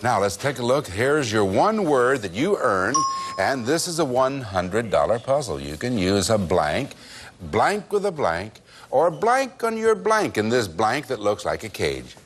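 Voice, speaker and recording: A man's voice: mid-range voice, big pitch swings, measured pace. A man hosting a TV game show, upbeat and chatty as he explains the rules. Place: TV studio with live audience. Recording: noisy 1980s TV studio tape, audience.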